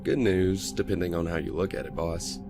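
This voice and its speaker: A man's voice: deep voice, steady tone, normal speed, music in the background. A male narrator voicing a blunt crime scene investigator reporting evidence in a horror audiobook. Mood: grim. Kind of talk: audiobook character voice.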